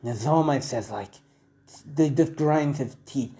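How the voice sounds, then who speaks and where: A man's voice: mid-range voice, slow pace, mellow. A young man narrating an improvised fan story in a rambling, casual way, full of fillers.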